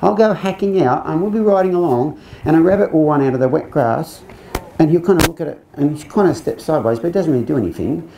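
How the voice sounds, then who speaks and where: A frustrated Englishwoman with a cockney accent, rambling breathlessly about her horse, as a male clinician puts her on. Her voice sits well above his usual pitch but keeps its mellow, warm tone. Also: fast, creaky, slight background noise. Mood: exasperated.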